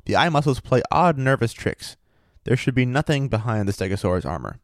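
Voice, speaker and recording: A man reading a story aloud at a steady pace, stopping to chat about it. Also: medium pitch, fairly quick, no room sound, clean studio sound. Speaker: story reader and host.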